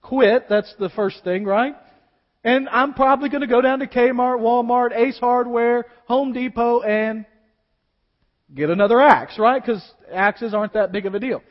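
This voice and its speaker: A man's voice: very high voice, unhurried. A middle-aged man, a pastor, preaching a sermon in a conversational way, asking the congregation questions and adding humorous asides. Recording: dull sound with long reverb.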